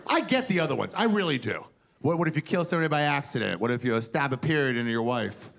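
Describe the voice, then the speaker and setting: A man in his forties doing a crude, animated stand-up comedy set on a theater stage, acting out characters as he tells stories. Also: mid-range voice, fast, vocal fry. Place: theater stage before a live audience. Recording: noisy live room with audience laughter.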